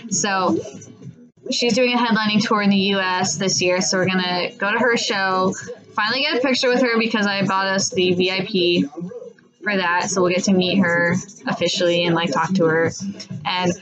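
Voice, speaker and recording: A woman's voice: medium pitch, fairly even intonation, normal speed, over loud music, poor audio. A young woman vlogging at home in a casual, gushing, chatty way, full of fan talk and fillers. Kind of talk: casual chat.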